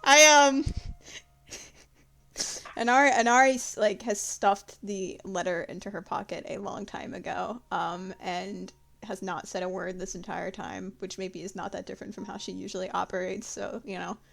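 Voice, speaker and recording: Giggly woman with a gravelly edge. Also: medium pitch, fairly even intonation, normal speed, few pauses. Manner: giggly, rambling, laughs often. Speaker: player. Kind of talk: in-character tabletop play.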